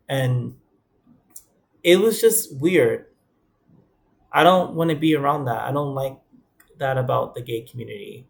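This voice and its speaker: Gravelly-voiced young man from the Bronx. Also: medium pitch, unhurried, long pauses. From the Bronx, New York. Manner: earnest, conversational, quotes others in dialogue. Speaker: vlogger. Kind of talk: candid personal talk to camera.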